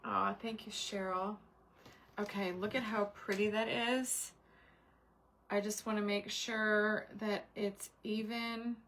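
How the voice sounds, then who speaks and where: A woman's voice: mid-range voice, level tone, takes it slowly, fairly bright tone, a little hiss or hum. A middle-aged woman hosting a craft livestream, chatting with viewers by name while she works and muttering to herself as she concentrates. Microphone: camera mic at desk.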